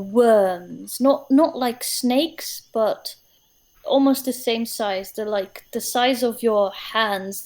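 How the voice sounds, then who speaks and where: A woman narrating a tabletop game as game master, describing scenes slowly with many hesitations. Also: a little high, darkish tone.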